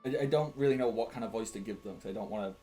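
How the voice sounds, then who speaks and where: With faint music in the background, a Sheffield man running a tabletop game talks very fast in a lowish, mellow voice. He's rambling and chatty as a game master, laughing often during the casual chat.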